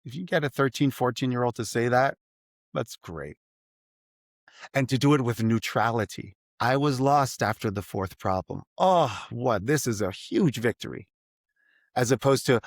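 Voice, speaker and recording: A middle-aged man, a math teacher and podcast guest, talking casually and animatedly, slipping into high put-on student voices as he tells stories. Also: expressive, normal speed, dry recording, studio quality. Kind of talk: casual interview conversation.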